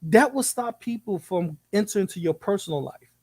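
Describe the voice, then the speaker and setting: A man co-hosts a live commentary stream, talking in an animated, profane, rambling way and often repeating himself. His voice sits high, and the recording is brisk and dry.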